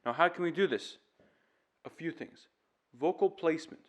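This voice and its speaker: A man's voice: on the high side, moderate pace, a bit bright. A man teaching singing, explaining vocal tips step by step in an earnest, demonstrative way. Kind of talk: casual vocal tutorial.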